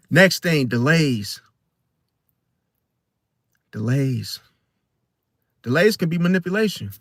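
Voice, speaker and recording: A man's voice: high-pitched, pushed and bright, no echo, studio quality. A man, talking through a casual, preachy monologue about star signs and acting out other people's voices. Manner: preachy, acts out voices of others, repeats "see?" and "right?". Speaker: astrology commentator.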